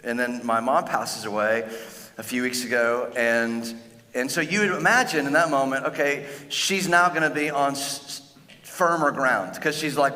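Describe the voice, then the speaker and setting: A man's voice: medium pitch, sharp tone. Earnest man preaching in a reverberant hall. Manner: earnest, halting, with frequent restarts. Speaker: pastor. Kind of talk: sermon. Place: large church hall.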